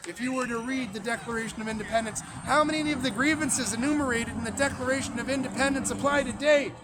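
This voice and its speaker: A man giving a loud, emphatic political speech outdoors on a street, his voice strained. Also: very high voice, fast talker. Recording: crowd noise behind an outdoor stream.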